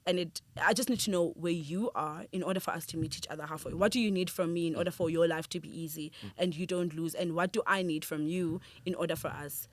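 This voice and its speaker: A woman's voice: lowish voice, fairly even intonation, fast talker, few pauses, no room sound. Woman guest, earnest and reflective, mid-range voice, dry close studio sound. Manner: earnest and reflective, many restarts, laughs easily. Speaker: guest, film director and screenwriter. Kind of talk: conversational podcast interview.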